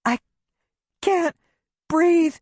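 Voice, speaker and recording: A woman's voice: fairly high pitch, expressive, unhurried, dry recording, studio quality. A woman voicing a terrified young mother held captive, pleading tearfully and breathlessly. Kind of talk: audiobook narration.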